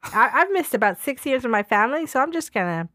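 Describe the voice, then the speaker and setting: A woman's voice: high voice, big pitch swings, quick pace, fairly bright tone, dry recording, clean studio sound. A woman co-hosting a podcast in casual chat, enthusiastic and gushing. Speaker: podcast co-host.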